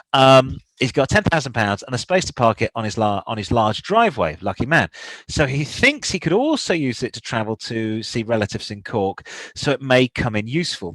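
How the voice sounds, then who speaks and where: A chatty British man co-hosts a car podcast, working through listener questions in a loose, rambling way. His voice sits at an everyday pitch and is recorded close and dry, with no room sound around it. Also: fairly bright tone, dry recording, poor audio. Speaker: podcast co-host. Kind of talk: casual car-advice chat.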